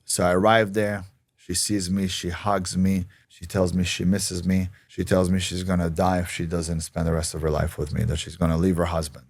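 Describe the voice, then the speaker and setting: A man telling a personal story in casual podcast talk, excitably acting out what others said to him. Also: moderate pace, gravelly, no room sound. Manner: excitable, acts out others' lines in a high voice.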